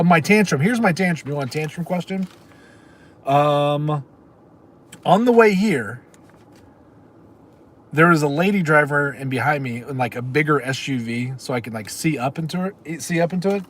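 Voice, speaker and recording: A middle-aged man chats loosely on a livestream, wandering from tangent to tangent. His voice sits a bit high for a man. A faint background noise runs under the recording. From Texas. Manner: rambling, chatty, answers chat comments. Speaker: livestream host. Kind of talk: casual livestream chat.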